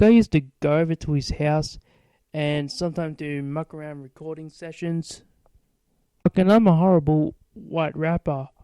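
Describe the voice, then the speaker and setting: A man in his late twenties hosting a podcast, swearing freely as he rambles through his stories. His voice sits fairly high, with a mellow, smooth tone. The sound is close and dry. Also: no room sound, poor audio. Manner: profane, rambling storytelling. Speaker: podcast host. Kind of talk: casual monologue.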